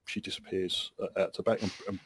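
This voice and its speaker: A man's voice: deep voice, little pitch movement, brisk, breathy edge, no echo. A man, narrating and running a tabletop game as game master, stumbling through restarts and laughing often.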